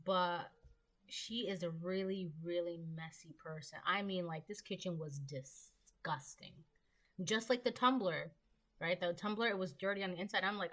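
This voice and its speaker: A woman with a slightly low voice gives an informal tarot reading to her viewers. She talks in a loose, rambling way, full of ums and casual swearing. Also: moderate pace, fairly bright tone. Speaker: tarot reader.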